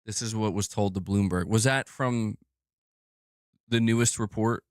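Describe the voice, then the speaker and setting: A man's voice: fairly low pitch, a little slow, dry recording, clean studio sound. Exasperated, swearing male streamer. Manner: profane, exasperated ranting. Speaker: gaming news streamer. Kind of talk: live stream commentary.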